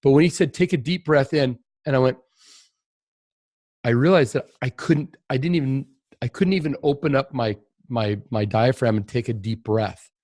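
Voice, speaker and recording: A man's voice: medium pitch, moderate pace, a little mellow, no echo. A man on a podcast talking as a guest, earnest and reflective, often restarting his sentences as he tells a candid personal story.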